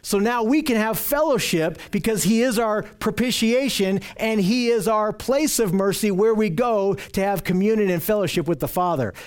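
Guy with a high voice teaching a bible lesson, earnest, restarts a lot. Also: moderate pace, few pauses, darkish tone, clean tone.

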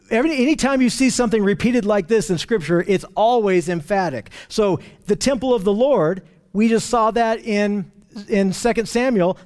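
A man preaching a sermon in an earnest teaching tone, slowing down to stress scripture. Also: high-pitched, darkish tone.

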